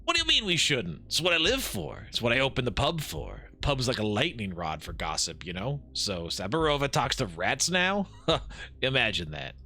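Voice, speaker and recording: A man streaming a game live, reading the dialogue aloud with quick asides and frequent laughs. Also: medium pitch, huge pitch swings, pushed and bright.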